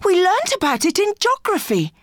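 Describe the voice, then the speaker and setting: A woman voicing a sensible, teasing schoolboy with a bright, joking manner. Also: very high-pitched, huge pitch swings, moderate pace, dry recording, clean studio sound, pitched above the performer's own voice, heavily acted. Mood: knowing.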